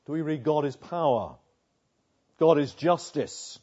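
Male preacher, higher voice, mellow and husky, emphatic sermon delivery, muffled lo-fi recording. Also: measured pace. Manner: emphatic, rhetorical questions, repeats words for effect.

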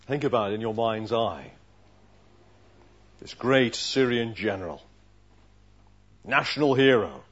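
A man's voice: medium pitch, darkish tone. A man preaching a sermon who tells the story expressively and acts out the characters' voices. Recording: dull lo-fi recording.

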